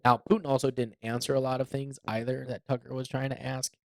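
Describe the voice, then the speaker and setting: An animated man co-hosting a casual podcast, opinionated and quick to laugh. His pitch sits in the ordinary middle. The recording is dry and close. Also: no echo. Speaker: podcast co-host. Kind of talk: casual chat.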